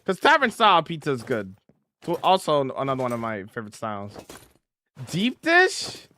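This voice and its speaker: A man's voice: medium pitch, big pitch swings, fast, bright, forceful tone. A man livestreaming a game, chatting casually with viewers and humming while he builds. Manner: chatty, answers chat, hums while building.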